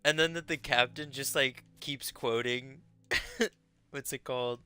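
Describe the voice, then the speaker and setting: A man's voice: mid-range voice, steady tone, slow pace, pushed and bright, clean tone, no room sound. A man chatting casually while he streams a game, laughing often between lines. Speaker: gaming streamer. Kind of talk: casual chat while gaming.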